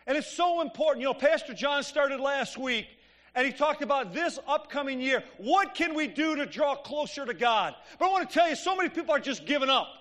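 High-voiced man preaching in a reverberant church. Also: lively intonation, a little fast, a bit bright. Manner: conversational storytelling, asks the congregation "Amen?". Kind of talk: sermon. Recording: long reverb of a church hall.

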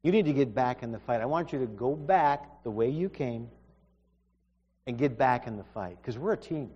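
A preacher voicing God, soft and coaxing. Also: male voice, medium pitch, lively intonation, normal speed, breathy edge, long reverb tail, dull audio, voice pushed down. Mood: urging. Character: God, a male divine voice, gentle and patient.

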